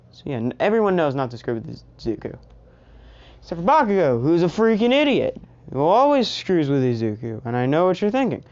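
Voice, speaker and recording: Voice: mid-range voice, sing-song, moderate pace, a little mellow. Young improvised storyteller, tangent-prone and chatty, on a muffled recording. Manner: rambling, full of "you know" and tangents. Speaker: fan fiction storyteller. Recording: dull lo-fi recording.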